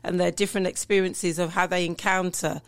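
A woman's voice: lowish voice, little pitch movement, fairly quick, clear, resonant tone, no room sound. A woman hosting a faith talk show, interviewing a guest in an emotive, encouraging way. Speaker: show host.

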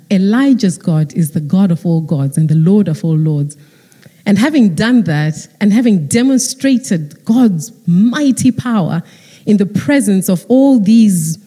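A woman preaching a sermon, retelling a story in lively fashion and acting out the characters. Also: fairly low pitch, husky. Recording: long hall reverb.

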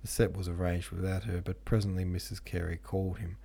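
Deep voiced guy reading a classic novel, husky and dark, steady pace. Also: a little fast. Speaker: podcast host and audiobook reader. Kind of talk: scripted narration of a classic novel.

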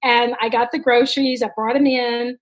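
A middle-aged woman telling a story in casual chat, animated and often laughing. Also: fairly high pitch, normal speed, rough recording.

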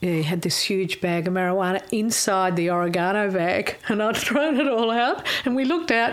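A woman's voice: mid-range voice, moderate pace, hardly any pauses, smooth. A middle-aged woman, a former chef telling rambling stories in a casual chat and laughing often.

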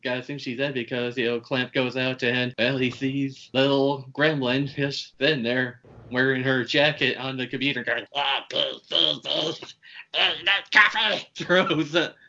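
A man's voice: mid-range voice, fairly even intonation, normal speed, few pauses, bright, forceful tone, muffled recording. A man casually recapping a movie scene by scene on a podcast, rambling with swearing and chuckles. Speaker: podcast co-host.

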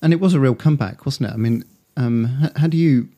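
A man's voice: mid-range voice, fast, dark tone. A man hosting a podcast interview, asking long, rambling questions in a chatty, lightly joking way. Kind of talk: conversational interview.

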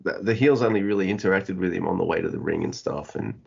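A man's voice: deep voice, fast, vocal fry, breathy edge. A man co-hosting a casual wrestling podcast, laughing often and swearing freely. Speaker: podcast co-host. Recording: muffled lo-fi podcast audio.

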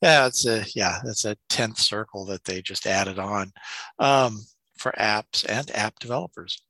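Bright, dry-voiced ranting male storyteller. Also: fairly low pitch, a little slow, no echo. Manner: animated storyteller, rants with profanity. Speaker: podcast co-host. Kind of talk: casual chat.

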